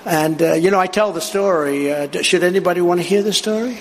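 At a live event, a political speaker gives a rambling, anecdotal speech, boastful and digressive, acting out dialogue as he tells the story. His voice sits high and he speaks fast, with slight background noise.

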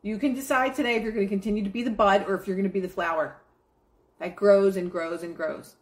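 A woman's voice: medium pitch, steady tone, quick pace. A woman hosting a live stream, giving a casual motivational pep talk to her chat in a blunt, profane, emphatic way.

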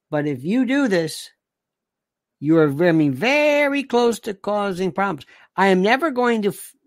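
A woman hosting a livestream, ranting animatedly and reading viewer comments aloud. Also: lowish voice. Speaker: livestream host. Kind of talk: casual livestream monologue.

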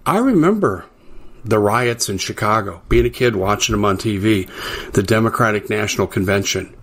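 Animated and speaking at normal speed, this middle-aged radio host has a fairly bright tone. His political monologue is emphatic and indignant, rising in pitch to hammer home key words.

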